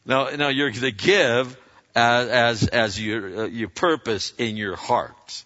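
A man preaching a sermon in a conversational, animated way, often repeating himself and acting out little asides. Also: medium pitch, slow, big-room sound, dull audio. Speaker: pastor.

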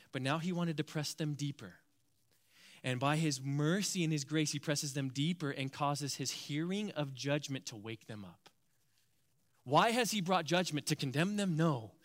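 A man preaching a sermon, animated, acting out quoted voices as he explains a passage. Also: fairly high pitch. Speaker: pastor.

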